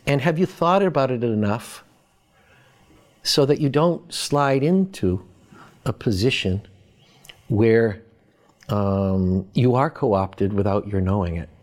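A man from Boston, an academic guest, giving reflective interview answers in a measured, thoughtful way with pauses. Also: medium pitch, darkish tone.

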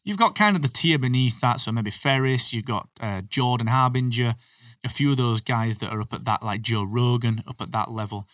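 A man hosting a podcast, chatting casually and giving opinions with quick asides. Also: mid-range voice, a bit bright, no room sound, studio quality, far from the mic. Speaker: podcast host. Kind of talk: casual chat.

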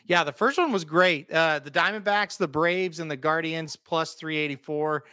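A man's voice: fairly high pitch, normal speed, bright, forceful tone, no room sound, clean studio sound. A man co-hosting a casual podcast, chatting and laughing about his bets. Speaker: podcast co-host. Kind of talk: casual chat.

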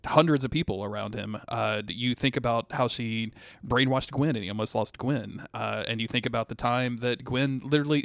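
A man's voice: medium pitch, a bit bright, dry recording, studio quality. A man co-hosting a casual podcast, laid-back and recapping an episode. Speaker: podcast co-host.

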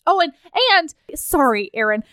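A woman's voice: sits high, animated, bright, forceful tone, no room sound, studio quality. A woman in casual chat who jokes and laughs while discussing a book. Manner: joking, quick to laugh.

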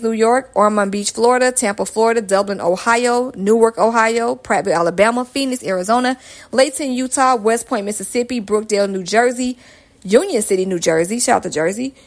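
A woman from Atlanta hosting her own podcast, reading shout-outs to listeners in an upbeat, slangy, casual way. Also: medium pitch. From Atlanta, Georgia, USA. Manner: upbeat and slangy, reading off a long list of places. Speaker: podcast host.

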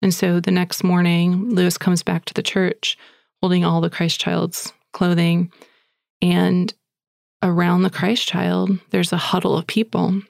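A woman with a low, gravelly voice recounts a tale in a casual, chatty flow, full of little fillers. The sound is close and dry, with no room around it. She comes across as an eager podcast host telling a story to her listeners. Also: flat delivery, a little slow, darkish tone, no echo. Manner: chatty, breathless, with fillers like "like" and "you know".

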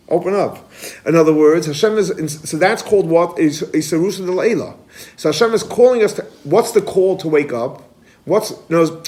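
A man teaching a spoken lesson on mystical texts, with a somewhat high pitch. He swings between loud, urgent calls and soft, hushed passages. He keeps asking questions and answering them himself. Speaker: rabbi teaching a Kabbalah class. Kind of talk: lively spoken Torah lesson.

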